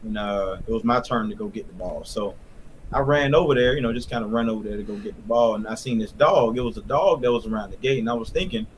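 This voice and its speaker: A man recounting a childhood memory in a plain, halting way, with many fillers. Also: on the low side, slight background noise. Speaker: guest. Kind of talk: casual storytelling.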